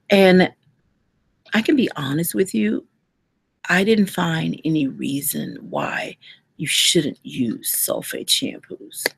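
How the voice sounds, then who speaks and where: A woman's voice: low voice, creaky, slightly rough. A woman who works as a hair care specialist, giving earnest, conversational advice to listeners and often restarting her sentences. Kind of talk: casual advice talk to listeners.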